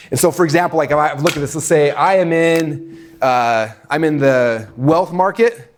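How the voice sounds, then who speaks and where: A man with an American accent giving a live seminar talk to an audience in a fast, casual way, full of "like" and "right?". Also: mid-range voice. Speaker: speaker teaching marketing to an audience.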